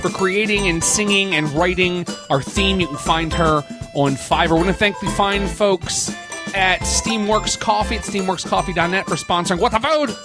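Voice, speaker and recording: A man's voice: high-pitched, moderate pace, over music. A man hosting a board game podcast in casual, playful chat, laughing often. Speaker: podcast host.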